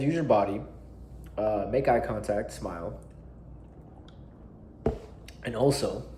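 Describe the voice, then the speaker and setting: A man's voice: mid-range voice, warm tone, slight background noise. Emphatic young man coaching, echoey room. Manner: emphatic, casual, swears freely, says "right?" often; uses his hands and body while talking. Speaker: dating and social skills coach. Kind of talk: direct-to-camera advice talk.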